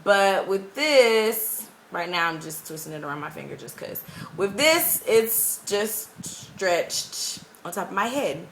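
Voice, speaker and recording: A young woman teaching English abroad, chatting to her camera in a rambling, animated way. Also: mid-range voice, slow pace, a little hiss or hum. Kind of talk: casual talking-head vlog. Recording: echoey room.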